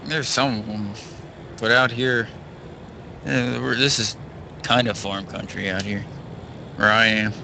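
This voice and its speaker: A man's voice: fairly low pitch, fairly even intonation, a little slow, creaky, long pauses, background noise. A man from northwestern New Jersey, co-commentating a sim race in a laid-back way with dry jokes. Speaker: race co-broadcaster.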